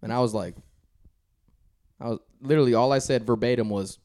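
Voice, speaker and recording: A man telling a casual story on a podcast, animated and laughing as he goes. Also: mid-range voice, fairly quick, long pauses. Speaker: guest on a podcast.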